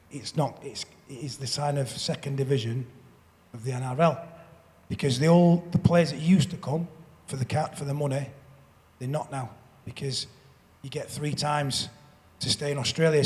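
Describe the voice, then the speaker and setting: A man's voice: mid-range voice, darkish tone. Rambling man in a reverberant hall. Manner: rambling, many restarts and repeated words. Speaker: panel guest, former rugby league player. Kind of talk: live stage conversation. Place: festival stage in a hall.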